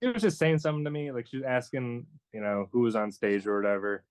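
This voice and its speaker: A man's voice: mid-range voice, quick pace, clear, resonant tone. A man in a band chatting on a podcast, rambling with many "you know"s and dry jokes. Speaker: band member, guest. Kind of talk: casual podcast chat.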